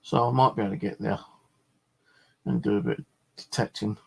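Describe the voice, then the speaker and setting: A man's voice: lowish voice, steady tone, brisk, creaky, husky. A man chatting casually in a vlog, a rambling storyteller full of fillers and the odd swear word. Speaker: vlogger.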